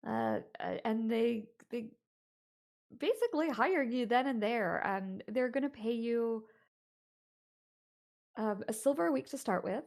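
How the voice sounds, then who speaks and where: Higher-voiced woman running a tabletop game. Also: lively intonation, unhurried, vocal fry, pauses often, a little mellow. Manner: chatty, laughing, many fillers. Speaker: dungeon master.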